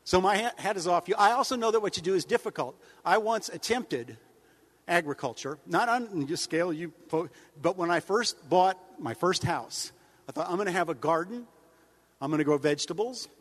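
Male humorist, high voice, deadpan and wry, speaking in a long-reverb hall. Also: normal speed. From United States. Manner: deadpan, wry, rambling asides with mock-outraged jumps in pitch. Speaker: humorist giving a speech. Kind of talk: stand-up style speech to an audience.

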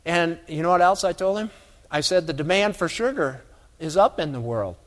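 A man's voice: fairly high pitch, animated, moderate pace. A man giving a humorous, folksy keynote talk on agricultural economics to a live audience, full of stories and asides. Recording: long hall reverb.

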